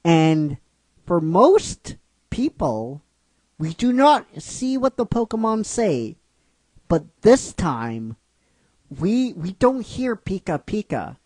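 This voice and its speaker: A man telling a story from his own script in a relaxed, halting way, full of fillers and restarts. He talks slowly and deliberately. The recording is dry and close, with no room sound. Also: high voice, no room sound. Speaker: narrator of a fan script. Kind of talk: casual storytime narration.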